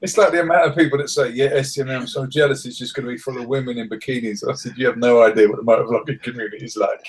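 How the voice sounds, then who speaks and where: A man in casual group chat, telling animated stories and mimicking other people. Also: mid-range voice, very fast, a crowd in the background. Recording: noisy background.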